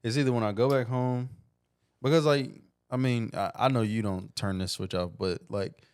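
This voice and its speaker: Raised in the South but with roots in Michigan, this man co-hosts a laid-back podcast, hesitating and filling gaps with ums and the like. His medium-pitched voice is steady, darkish, clear, and resonant, at normal speed with no echo.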